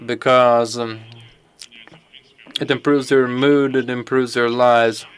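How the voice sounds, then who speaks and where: Guy interpreting a q&a live, slow and halting, smooth voice. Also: medium pitch, flat delivery. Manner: halting, picks words as he goes.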